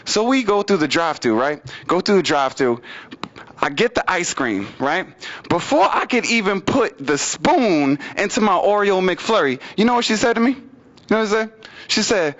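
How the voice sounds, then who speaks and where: A man's voice: animated, moderate pace, a bit bright. Young man doing open-mic stand-up. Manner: conversational, repeats "you know what I mean", big pitch swings for punchlines. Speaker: stand-up comedian. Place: small venue at an open mic, in front of an audience. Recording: muffled lo-fi live recording.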